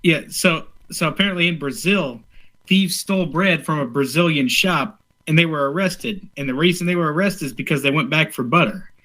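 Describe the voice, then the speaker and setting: A man's voice: on the high side, moderate pace, bright, forceful tone. A man co-hosting a casual podcast chat, easygoing, reading out news items with many fillers. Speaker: podcast co-host.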